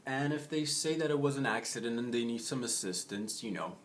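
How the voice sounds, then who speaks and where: A man's voice: mid-range voice, animated, brisk, slight background noise. A young man hosting a comedy show, telling a brash, jokey monologue and calling his audience bros.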